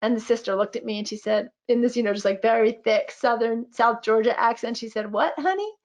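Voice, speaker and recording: A woman in her fifties talks on a video-call webinar as a guest physician and midwife. She tells stories in a thoughtful, meandering way and often pauses on fillers. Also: on the high side, flat delivery, a little mellow, highs cut off. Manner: reflective storytelling with frequent fillers. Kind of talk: webinar conversation.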